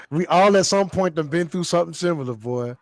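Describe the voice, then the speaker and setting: A man co-hosting an interview, animated and quick to laugh and agree. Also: on the high side, no echo. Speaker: co-host. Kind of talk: casual interview chat.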